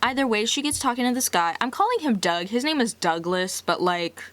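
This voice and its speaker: A woman's voice: a little high, animated, brisk, a bit bright, no room sound. A young woman hosting a casual movie recap, chatty and full of filler words, with sassy side remarks. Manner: chatty, heavy use of filler "like".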